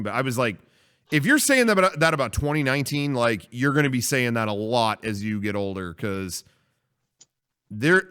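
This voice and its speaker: Animated rambling podcast storyteller man. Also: mid-range voice. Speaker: podcast co-host. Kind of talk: casual podcast chat.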